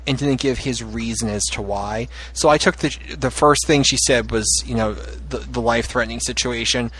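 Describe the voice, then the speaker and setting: A man's voice: mid-range voice, normal speed, a bit bright, a little hiss or hum, poor audio. A man co-hosting a casual discussion of a story, laying out his case point by point with emphasis.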